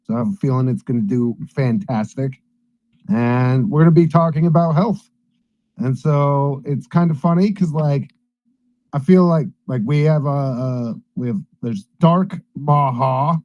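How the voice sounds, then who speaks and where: A man's voice: medium pitch, a little slow, no echo, muffled recording. A man on a casual live audio chat, hesitant but enthusiastic, with many fillers. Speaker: podcast guest.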